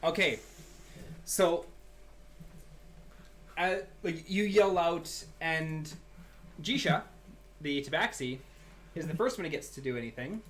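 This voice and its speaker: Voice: mid-range voice, slow pace, long pauses, fairly bright tone. A game master narrating a tabletop game in a loose, hesitant way with many fillers.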